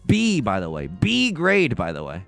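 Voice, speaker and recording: A young man talks through his own game with lively, jumpy pitch, dropping to low mutters and jumping up to loud outbursts. His tone is wry and self-mocking. Faint music plays under his voice. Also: a little slow, creaky. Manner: excitable, swings from muttering to shouting. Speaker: let's play host. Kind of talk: gameplay commentary.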